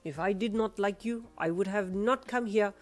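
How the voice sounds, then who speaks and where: A woman reading a fan story aloud, voicing a stern older woman with a put-on foreign accent who speaks flatly and pointedly. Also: medium pitch, moderate pace, close to an everyday voice. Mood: blunt. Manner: flat, pointed, expressionless.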